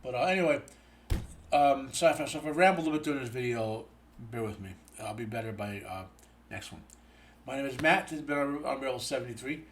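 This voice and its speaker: A man's voice: mid-range voice, fast talker, a little hiss or hum. A tired man hosting a show, giving a casual spoken episode review that rambles with many fillers and restarts. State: tired, yawning.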